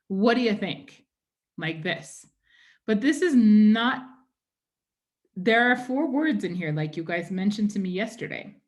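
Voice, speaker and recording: A woman teaching an online class, explaining step by step with patience and checking in often with her students. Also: mid-range voice. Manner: keeps checking in with "right?" and "okay?".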